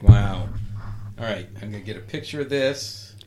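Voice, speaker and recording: A woman co-hosting a casual food-tasting chat, excitable and quick to laugh and exclaim. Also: extremely low pitch. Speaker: co-host.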